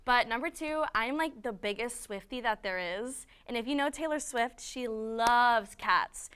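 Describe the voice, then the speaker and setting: A woman's voice: a little high, unhurried, a bit bright, slight background noise. A young woman telling casual, self-mocking stories in a chatty, dramatic way. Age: young adult. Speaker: student panelist. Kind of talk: casual storytelling.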